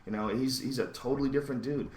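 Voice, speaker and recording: A man hosting a podcast, talking in an intense, profane, emphatic way that swings between loud outbursts and low asides. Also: steady tone, fast, roomy sound. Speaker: podcast host. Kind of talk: profane animated podcast rant.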